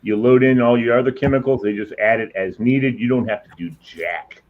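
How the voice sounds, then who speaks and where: A man's voice: medium pitch, a little fast. A man hosting a casual group video chat, joking and chatty with playful asides. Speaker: host. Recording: dull lo-fi sound with faint noise.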